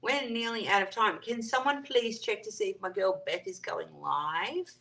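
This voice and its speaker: A woman's voice: mid-range voice, moderate pace, gravelly, sharp tone. A woman hosting a live stream, chatting casually and reading out viewer comments and answering them. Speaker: livestream host.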